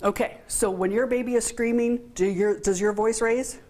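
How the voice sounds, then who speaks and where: A woman's voice: fairly high pitch, fairly even intonation, normal speed, warm tone. A woman giving an informal training talk to a group, frank and conversational, often asking the room questions. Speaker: workshop trainer.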